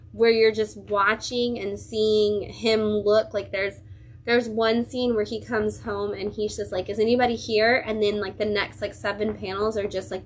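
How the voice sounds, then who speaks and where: A woman's voice: medium pitch, fairly bright tone. A young adult woman hosting a comic shop livestream, casually gushing over new releases with lots of fillers. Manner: enthusiastic, gushing, chatty with many fillers.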